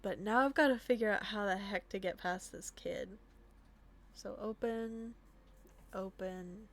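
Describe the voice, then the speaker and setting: A woman's voice: mid-range voice, measured pace. A young woman streamer giving casual commentary while she plays a game, talking to herself and dropping to a whisper in the tense moments. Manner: talks to herself while playing, drops to whispers when sneaking.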